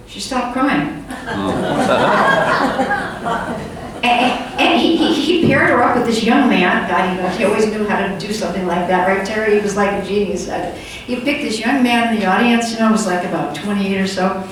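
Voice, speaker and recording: An older woman tells stories at a conference in a chatty, unpolished way. Her voice sits a little high. It carries from a distance through a very echoey hall with faint room noise. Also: animated, moderate pace. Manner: storytelling, conversational, many fillers. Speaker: conference speaker. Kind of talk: conference talk.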